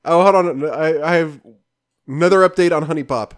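A man's voice: on the high side, fairly quick. A man co-hosting a podcast, tossing in teasing, contrary quips during casual chat. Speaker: podcast co-host.

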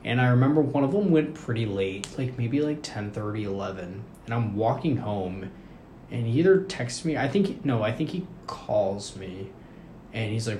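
A young man in a casual chat, telling a story in an animated way, with lots of fillers and swearing, and acting out the people he quotes. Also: on the low side, moderate pace. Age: young adult. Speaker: podcast co-host. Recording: echoey room with faint noise.

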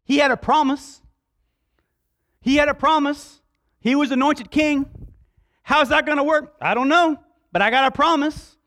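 High-voiced man preaching with shouts. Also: unhurried, pauses often, no room sound, studio quality. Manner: dramatic storytelling, acts out dialogue, shouts for emphasis. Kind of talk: sermon.

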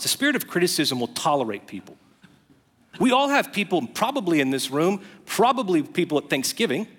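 A man preaching a sermon as pastor, telling stories with animated, emphatic rising phrases. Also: fairly high pitch. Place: church auditorium. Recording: long reverb of a large hall.

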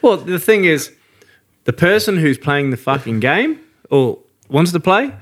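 Dry, joking bloke. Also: male voice, a little high, sing-song. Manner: dry, sweary, quick jokes. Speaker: podcast co-host. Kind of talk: casual pub chat.

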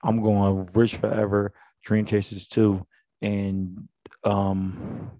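A man's voice: on the low side, level tone, takes it slowly, dark tone, no room sound. A young man in casual chat, talking in a laid-back, slangy way that often drops to a mumble.

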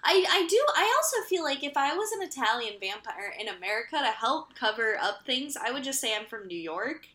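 A woman's voice: a little high, big pitch swings, brisk, few pauses, bright, forceful tone. A young woman co-hosting a casual book podcast, giggly and crude, joking her way through the recap. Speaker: podcast co-host. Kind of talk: casual book-club chat.

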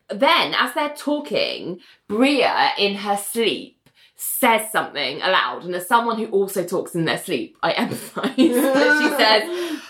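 A woman's voice: mid-range voice, roomy sound. A woman in casual chat on a podcast, animatedly recapping a show and acting out its lines. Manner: chatty, animated, acts out the lines with voices.

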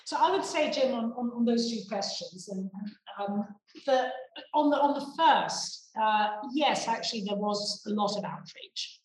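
A woman guest answering interview questions in a measured way with many hesitations. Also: a little high, animated. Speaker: guest analyst. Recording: roomy, distant microphone.

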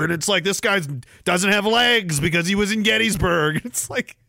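A man's voice: sits high, a little fast, gravelly, hardly any pauses, sharp tone, dry recording, clean studio sound. A man hosting a live stream podcast, ranting sarcastically and acting out quoted voices. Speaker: podcast host.

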